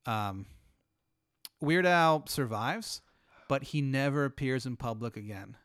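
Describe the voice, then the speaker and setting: A man's voice: medium pitch, slow pace, a bit bright, clear, resonant tone, no echo, clean studio sound. A man hosting a podcast, spinning a long improvised hypothetical in a laid-back, rambling way full of "like". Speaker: host.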